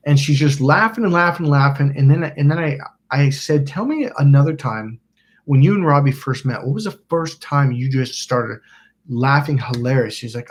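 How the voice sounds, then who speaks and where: This self-help channel host, a man, tells a story in a loose, rambling way, voicing quotes and cursing now and then. He speaks briskly in a fairly high voice, indoors near a candle that's smoking.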